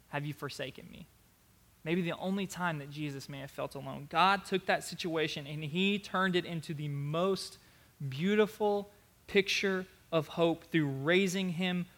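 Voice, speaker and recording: A man's voice: fairly high pitch, fairly bright tone. A man preaching a sermon as pastor, earnest and emphatic, repeating his key phrases.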